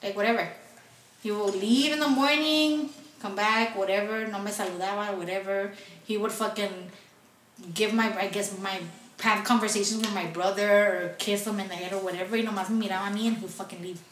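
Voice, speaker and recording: Mid-range and a bit bright, this young woman's voice has fairly even intonation and runs a little fast. She's recounting a personal story to friends with frequent swearing and code-switching between English and Spanish. The mic is far off, the room echoey, with faint noise.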